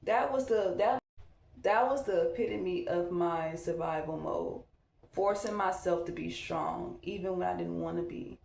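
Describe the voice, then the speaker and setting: A woman's voice: on the low side, a little slow, vocal fry, a little mellow. A woman, a mom talking candidly and reflectively while she gets ready at home. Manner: candid, reflective, loose conversational delivery. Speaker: vlogger, mom. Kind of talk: casual get-ready-with-me chat. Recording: echoey room.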